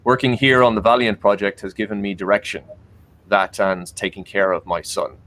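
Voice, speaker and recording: A man's voice: fairly low pitch, steady tone, moderate pace, fairly bright tone, lightly acted. A man playing a subdued starfleet commander. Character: grieving male starfleet commander, a father.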